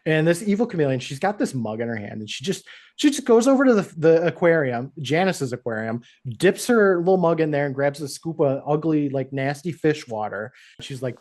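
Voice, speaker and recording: Animated man retelling a plot with quoted voices. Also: fairly high pitch, brisk. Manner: animated, acts out characters' lines while retelling. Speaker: podcast co-host. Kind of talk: casual podcast recap chat.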